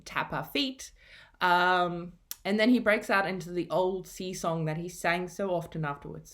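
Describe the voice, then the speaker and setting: A woman's voice: fairly low pitch, fairly bright tone. A woman teacher giving a recorded reading and grammar lesson, explaining patiently and going back over key points.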